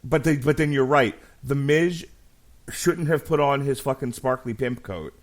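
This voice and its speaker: A man's voice: medium pitch, a little slow. Profane storytelling man on a podcast. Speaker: podcast co-host. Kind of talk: casual chat.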